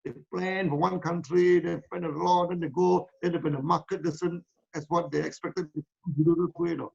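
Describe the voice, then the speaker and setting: A man's voice: on the high side, fairly even intonation, normal speed, gravelly, darkish tone, breathy edge, highs cut off. A man with a Malaysian English accent answers questions in a live online session, rambling and repeating words with many "uh" and "no?" tags. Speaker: company founder answering questions.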